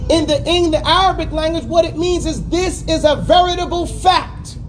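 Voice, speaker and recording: A man teaching a class in a high-pitched voice. He speaks in an animated, stop-start way, drilling students with words to repeat. A faint hum runs in the background. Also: normal speed. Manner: stammers and restarts often. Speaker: teacher of Quran exegesis class. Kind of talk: classroom lesson.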